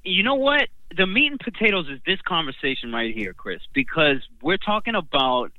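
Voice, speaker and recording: A man's voice: a little high, big pitch swings, normal speed, dry recording. A man talking as a guest on a casual podcast, laid-back, swearing freely and calling people bro and man. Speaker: podcast guest, trading coach. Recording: tinny phone-line audio.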